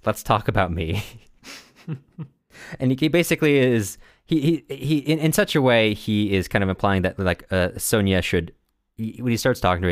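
Low-voiced man rambling through a book recap. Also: no echo, clean studio sound. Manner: rambling, halting with many restarts and fillers, laughs often. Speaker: podcast co-host.

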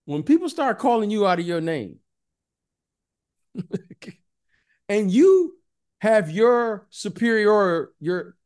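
A man in casual sports chat, telling stories with a lively voice and acting out friendly greetings. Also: sits high. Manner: animated storyteller, repeats the host's name, acts out friendly greetings.

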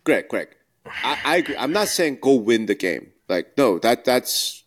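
A man's voice: mid-range voice, big pitch swings, measured pace. Guy co-hosting a podcast, blunt and ranty, voice jumps all over the place. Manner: blunt, emphatic, rants with rhetorical questions. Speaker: podcast co-host. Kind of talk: casual podcast discussion.

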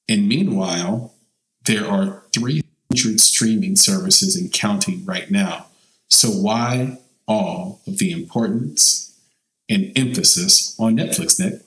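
A man's voice: lowish voice, slow, fairly bright tone, echoey room, low-quality recording. A man co-hosting a casual podcast chat, talking emphatically and stretching key words. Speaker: podcast co-host.

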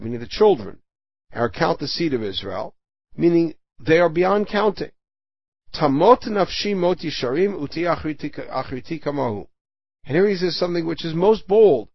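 A man's voice: a little high, husky, no room sound, dull audio. A man teaching the weekly Torah portion, reading Hebrew verses aloud and then explaining them in plain speech.

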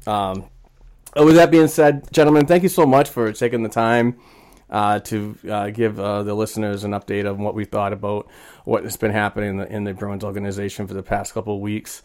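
A man's voice: lowish voice, fairly even intonation, fairly quick, darkish tone. Rambling male sports podcast host. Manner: rambling, many fillers and restarts. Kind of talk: casual sports podcast chat.

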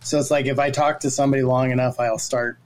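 A man's voice: mid-range voice, little pitch movement, fast talker, darkish tone. A man who grew up in North Florida, chatting easily as a guest on a podcast. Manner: easygoing, chatty, laughs often. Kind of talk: casual chat.

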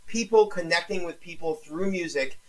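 A man's voice: high-pitched, moderate pace, fairly bright tone, recorded from a distance, rough recording. A man co-hosting a podcast in casual chat, effusive and rambling with many restarts. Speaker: podcast co-host.

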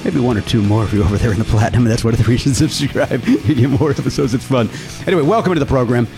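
A man's voice: mid-range voice, very fast, creaky. A middle-aged male podcast host with an ordinary mid-range voice, bantering loosely and looping back to the same self-mocking gag. Faint music sits under him on a studio mic. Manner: joking, self-mocking running bits, animated. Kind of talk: casual comedic podcast chat.

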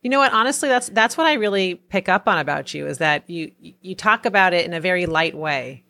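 Appreciative woman podcast host, low voice. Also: expressive, fairly quick, creaky, bright, forceful tone. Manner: effusive and appreciative, stammering repeats. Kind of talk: interview and podcast outro.

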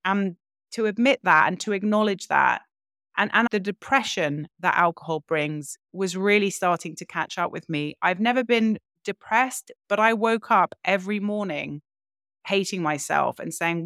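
A woman's voice: on the low side, moderate pace, fairly bright tone, clean tone, no echo, clean studio sound. A woman, a podcast guest telling her own story in a frank, reflective way. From London, England. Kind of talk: candid personal storytelling.

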